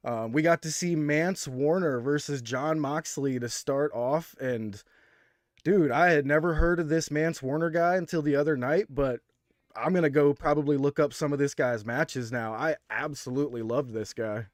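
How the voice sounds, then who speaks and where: A man's voice: on the high side, moderate pace, dry recording, clean studio sound. A man hosting a wrestling review podcast, upbeat and hyped, with lots of fillers. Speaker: podcast host. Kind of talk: casual wrestling podcast chat.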